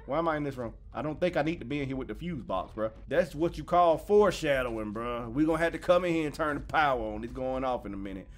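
A young man casually commenting on a horror game, slangy and jokey, yelping when startled and mumbling low when nervous. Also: expressive, quick pace, few pauses. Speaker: gaming YouTuber. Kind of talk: casual let's-play commentary.

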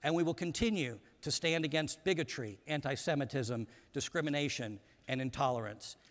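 Male speaker, slightly raised pitch, formal measured stage speech, long hall reverb. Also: a bit bright, slight background noise. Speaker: conference speaker introducing a panel. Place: large conference hall.

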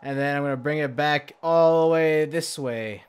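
A young man rambles through a profane let's-play, swearing constantly, muttering to himself and letting out sudden yelps of alarm. His voice sits on the high side, clear and resonant, at a moderate pace.

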